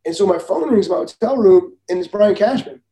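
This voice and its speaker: A man in his forties, a former baseball pitcher, telling stories in casual talk. He is animated, acts out the other people's lines and laughs as he goes. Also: brisk. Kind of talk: casual storytelling. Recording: roomy echo.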